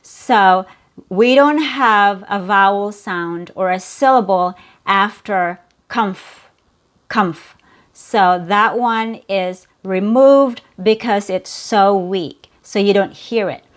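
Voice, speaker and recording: Slow, careful woman teaching pronunciation. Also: mid-range voice, clean tone. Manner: slow, careful, repeats words for drilling. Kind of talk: pronunciation lesson.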